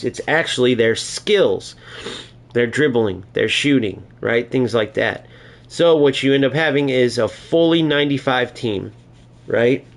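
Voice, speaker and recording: A chatty, laid-back male gamer commentating his live stream at a medium pitch. He rambles easily between plays, peppering his talk with "right?", "man" and "bro". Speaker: gaming streamer.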